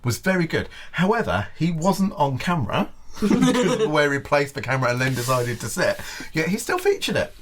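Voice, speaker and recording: A man in casual conversation, his pitch swinging widely as he teases and laughs. Faint background noise sits under his voice. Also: fairly quick. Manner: lively, laughing, teasing. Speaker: band member co-host. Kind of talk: casual chat.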